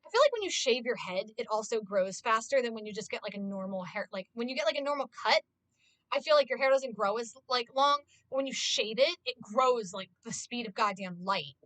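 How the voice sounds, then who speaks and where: A woman's voice: fairly high pitch, lively intonation, brisk, a bit bright, no room sound. A woman streamer in casual live-stream chat, talking freely to her viewers, swearing often and filling her talk with "like". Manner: chatty, swears often, heavy use of "like".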